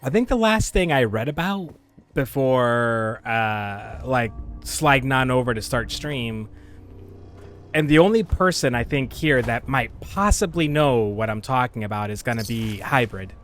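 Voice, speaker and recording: Chatty male streamer, lively pitch. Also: a little slow, faint music behind. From United States. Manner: chatty, rambling, laughs often. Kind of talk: casual gaming stream chat.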